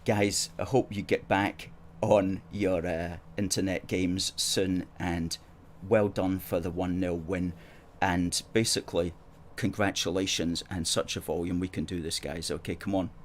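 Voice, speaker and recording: Emphatic, low-voiced male host. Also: level tone, a little slow, a little hiss or hum. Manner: emphatic and opinionated, hammering points home. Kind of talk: live-stream talk, reading viewer comments. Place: studio in Glasgow.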